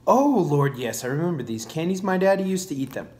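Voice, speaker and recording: A man reading aloud, voicing an old, kindly Southern woman who speaks slowly. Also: fairly high pitch, very animated, darkish tone. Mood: warm.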